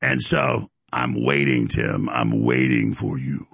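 A man doing a deep menacing film villain. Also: huge pitch swings, takes it slowly, vocal fry, a bit bright, slightly rough, no echo, heavily acted.

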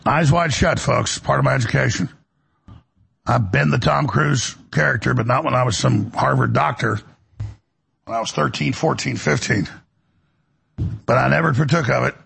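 A middle-aged male radio host with a gravelly, raspy voice, delivering a preachy, impassioned monologue and acting out the voices he quotes. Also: medium pitch, normal speed, long pauses, fairly bright tone.

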